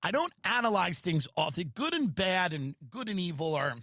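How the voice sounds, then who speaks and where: High-voiced man riffing on a podcast. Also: moderate pace, dry recording, studio quality. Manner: rambling, ironic deadpan riffing with mock-sincere asides. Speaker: podcast host. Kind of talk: comedic podcast monologue.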